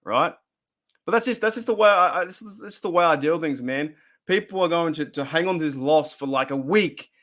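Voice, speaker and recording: A man's voice: a little high, fairly quick, fairly bright tone. An Australian man hosting a casual fan livestream, rambling and reading out viewer comments as he goes. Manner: chatty, rambling, reads out chat comments. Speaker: fan show host.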